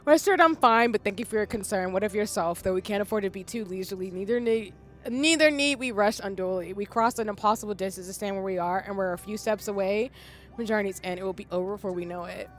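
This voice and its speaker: A woman reading out a weary, earnest game companion's lines in a quiet, subdued way. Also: mid-range voice, fast, soft background music, voice pushed down, lightly acted. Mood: solemn.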